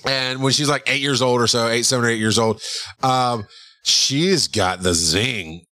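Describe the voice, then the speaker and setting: A middle-aged man co-hosting a podcast, telling family stories in a casual, animated way and breaking into loud laughter. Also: mid-range voice, a little slow, no echo. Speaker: podcast co-host. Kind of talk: casual storytelling chat.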